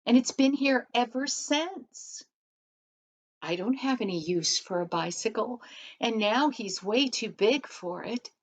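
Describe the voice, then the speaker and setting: A woman voicing a poor, kind little old lady who is deeply thankful, in a high, tearful, gushing voice. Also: lively intonation, a little slow. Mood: earnest. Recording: dull lo-fi recording.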